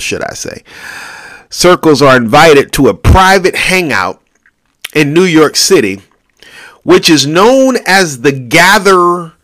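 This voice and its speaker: The solo host's fairly high, somewhat bright voice is captured in a dry, clean studio recording. He rambles casually, cracking crude jokes and muttering to himself as he scrolls.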